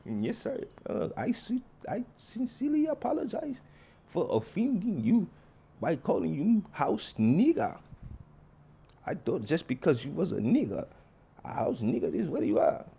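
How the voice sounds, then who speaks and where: A man's voice: a little high, huge pitch swings, unhurried, vocal fry, warm tone, slightly rough, exaggerated voice. A man voicing a timid, overly polite man who speaks with stiff formality in a comedy skit. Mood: meek. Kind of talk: comedy skit with character voices.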